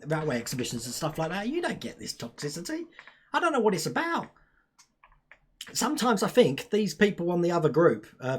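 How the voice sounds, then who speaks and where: A young man hosting a casual live stream, chatting, laughing often and reading out viewer comments. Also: sits high.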